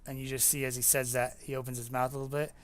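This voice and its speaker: A man's voice: mid-range voice, level tone, very fast. Young male game master, casual narration, filler-heavy, mid-range voice.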